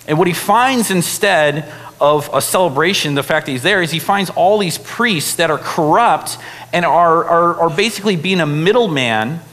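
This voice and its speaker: A young man preaching a sermon in a casual, animated way, full of fillers like "right?" and "like". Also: on the high side, normal speed. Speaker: pastor. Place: church hall. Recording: long hall reverb.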